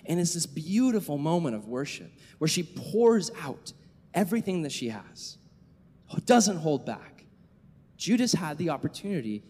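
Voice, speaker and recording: A young man preaching to a youth group, telling a story with animated delivery and casual filler words. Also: a little high, breathy edge. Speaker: youth pastor. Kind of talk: sermon to youth. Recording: echoey hall reverb.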